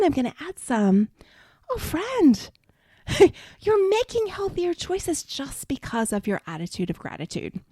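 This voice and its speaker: Middle-aged woman host, lively pitch that swoops around, dry close sound, encouraging, leans into whispers. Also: dry recording. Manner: animated, encouraging, calls listeners "friend"; drops into soft whispers for emphasis. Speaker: podcast host and body image coach. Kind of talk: faith-based podcast talk.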